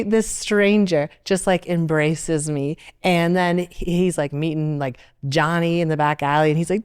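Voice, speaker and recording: A Canadian woman in her thirties, a guest telling her story in a casual panel talk, with many fillers and animated turns. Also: on the low side, moderate pace, smooth. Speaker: interview guest, Olympic athlete.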